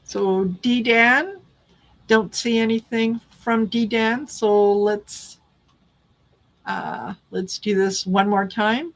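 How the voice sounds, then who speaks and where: A woman's voice: a little high, steady tone, slow pace, rough recording. A woman hosting a live tarot reading stream, chatting casually and calling out viewers by name. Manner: friendly, calls out viewer names.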